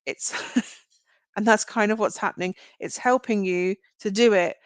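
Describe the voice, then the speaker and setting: A woman's voice: mid-range voice, a little slow, no echo. Chatty British woman giving live readings. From Britain. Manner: chatty, giggly, rambling. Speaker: card reader hosting a livestream. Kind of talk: live reading to chat viewers.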